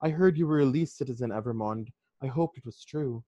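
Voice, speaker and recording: A man reading the lines of a frail, gentle young seamstress facing execution, speaking softly and pleadingly. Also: medium pitch, a little fast, dry recording, highs cut off, close to an everyday voice. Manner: soft, quiet, pleading.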